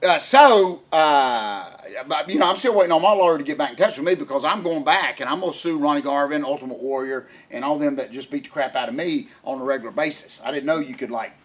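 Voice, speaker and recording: A man's voice: fairly high pitch, fast talker, few pauses, a little hiss or hum. A middle-aged man, rambling through a casual podcast chat with lots of fillers and restarts. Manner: rambling Southern storyteller, many fillers and restarts. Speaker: podcast co-host, veteran wrestler.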